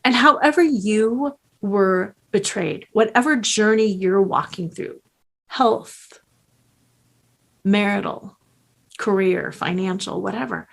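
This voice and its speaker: A middle-aged woman coach giving a slow, earnest motivational talk with strong emphasis. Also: mid-range voice, vocal fry.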